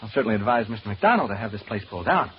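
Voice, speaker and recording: A man's voice: lowish voice, sing-song, very fast, slight background noise. An actor playing a chatty, nervous radio announcer alone in a haunted house, rambling and joking nervously as he talks to his listeners in a 1940s radio drama. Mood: uneasy joking. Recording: muffled old radio broadcast recording.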